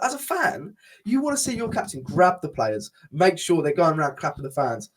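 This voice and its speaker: Pitched on the high side, his voice swings hugely up and down at a moderate pace and carries a breathy edge. The young podcast co-host sounds passionate and frustrated in the casual chat, cursing freely and restarting sentences often.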